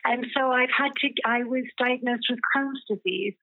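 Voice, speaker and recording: A woman guest telling a personal story in a gentle, earnest way, restarting sentences as she goes. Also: high-pitched, moderate pace, dry recording. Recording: tinny phone line, dry.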